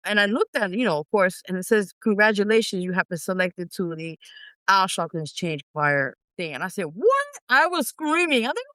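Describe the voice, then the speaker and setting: A middle-aged woman, an independent singer telling stories in an animated way as an interview guest, acting out her own past reactions. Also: on the low side, brisk, no room sound. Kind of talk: casual interview storytelling.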